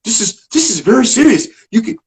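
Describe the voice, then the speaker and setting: A man's voice: very high-pitched, sing-song, a little fast. A man mimicking a stammering evasive doctor. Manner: stammering, hedging. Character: hesitant evasive male doctor. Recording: echoey room.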